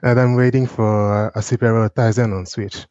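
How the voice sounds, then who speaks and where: A man's voice: on the low side, steady tone, a little fast, a little mellow, no echo, muffled recording. A man from France with a French accent, co-hosting a casual podcast and talking hesitantly with lots of fillers. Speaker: podcast co-host.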